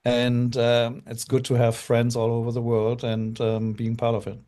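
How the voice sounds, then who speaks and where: Middle-aged german guy, german accent, rambling and earnest, mid-pitched voice. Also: monotone, moderate pace, warm tone. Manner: earnest, rambling with many fillers. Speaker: guest. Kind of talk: casual storytelling on a live show.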